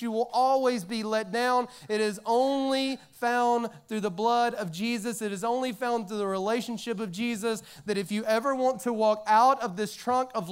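A man's voice: very high-pitched, clear, resonant tone. A man preaching a sermon with passion, sometimes acting out the voices he quotes. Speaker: pastor. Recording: music playing behind the voice.

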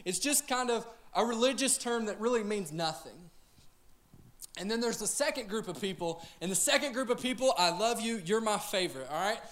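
Pastor, man, 30s, high-pitched, comic storytelling sermon, self-mocking, keeps asking the crowd "all right?". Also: expressive, a little fast, a bit bright. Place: church auditorium.

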